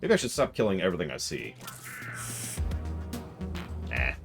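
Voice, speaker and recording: A man giving joking, chatty commentary while streaming a game and reading out viewer messages, with loud game music behind. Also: low-pitched, huge pitch swings, normal speed, gravelly. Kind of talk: live gameplay commentary.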